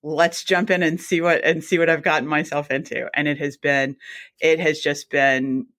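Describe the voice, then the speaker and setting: A woman, a guest telling her career story in a chatty, animated way and acting out her own reactions. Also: low-pitched, normal speed. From South Mississippi. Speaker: guest, anesthesiologist assistant. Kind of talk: casual storytelling interview.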